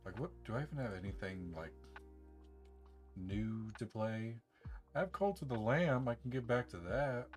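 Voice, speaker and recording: A man chats loosely to his stream viewers, rambling and restarting his sentences in an easygoing way. His voice sits at an ordinary middle pitch. Faint music plays underneath. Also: normal speed. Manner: rambling, relaxed, with laughs and filler restarts. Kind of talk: casual live-stream chat.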